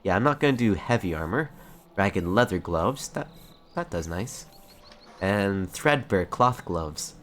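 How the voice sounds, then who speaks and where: A man's voice: deep voice, expressive, a little slow, a bit bright, a little hiss or hum. A young man streaming a fantasy online game, chatting playfully and reading quest text aloud. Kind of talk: casual live-stream commentary.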